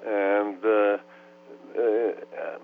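A man's voice: fairly low pitch, fairly even intonation, very slow. Man in his eighties on a phone line. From United States (Los Angeles, raised in New York City). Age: 80s. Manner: hesitant, many fillers and restarts. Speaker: interviewee. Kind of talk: oral history interview.

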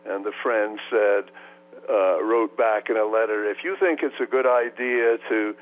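A man's voice: on the low side, unhurried, faint music behind. A man in his eighties from the United States, recalling his life in an oral history interview, hesitant with many fillers and restarts. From United States (Los Angeles, raised in New York City). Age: 80s. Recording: tinny phone line.

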